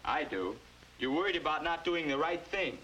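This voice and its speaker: A young man plays a boy's earnest grown-up self in a 1950s educational film, speaking instructively. His slightly high voice is animated and sharp at a normal speed, and the rough old film soundtrack carries music and slight background noise.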